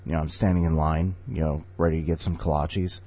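A man's voice: extremely low pitch, level tone, brisk, dark tone, highs cut off. A man hosting a podcast in a jokey, casual way, full of silly asides. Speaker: podcast host. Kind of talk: playful casual chat.

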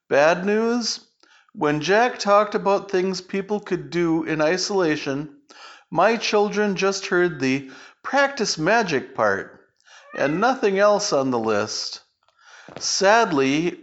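A man's voice: high voice, a bit bright, dull audio. A man reading a comic story with a dry, setup-and-punchline delivery. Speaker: story contributor.

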